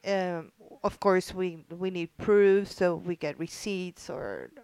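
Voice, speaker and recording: A woman's voice: fairly low pitch, takes it slowly, a little mellow, smooth, no room sound. Earnest middle-aged woman telling a story. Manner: earnest, emotional, many ums and restarts. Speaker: organizer of a military spouse program. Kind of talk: casual conversational storytelling.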